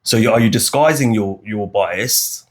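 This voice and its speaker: British man, animated podcast debate, low-pitched voice, restarts and acted-out quotes. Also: normal speed. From United Kingdom. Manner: animated, acts out other people's lines, frequent restarts. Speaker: podcast co-host. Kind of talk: casual debate chat.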